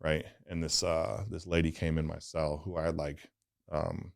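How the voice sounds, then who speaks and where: A man's voice: rumbling low, level tone, normal speed, gravelly. A man from the St. Louis area, a guest on a casual interview podcast, telling personal stories in an earnest, rambling way full of "like" and "right?". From St. Louis area, USA. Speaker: podcast guest, donut shop owner.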